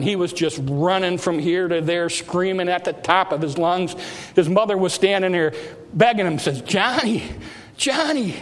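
A male pastor, preaching a sermon in a church and building to emphatic, rising exhortations. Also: high voice. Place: church sanctuary. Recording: hall reverb.

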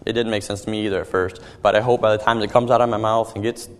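A young man giving an earnest personal testimony as a sermon, halting and often repeating his words. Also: lowish voice, flat delivery, big-room sound. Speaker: young preacher.

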